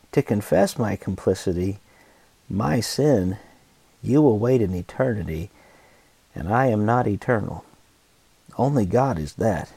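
A man reads a reflective devotional passage with a measured, emphatic delivery and deliberate pauses. His voice is warm and mellow, with a gravelly texture. The sound is dry and close. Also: mid-range voice, no echo. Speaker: podcast host reading a book excerpt.

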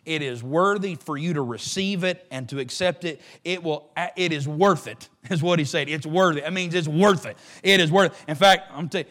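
A man's voice: fairly high pitch, normal speed, hardly any pauses, a bit bright. A man preaching a fervent sermon as pastor, building emphasis through repeated phrases.

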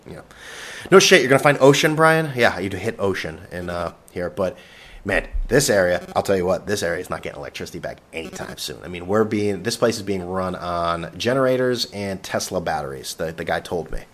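A man with a fairly low voice rambles through a casual podcast rant, sarcastic and profane. He keeps jabbing at an absent co-host as he goes, talking from a vacation rental with no internet. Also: a little fast.

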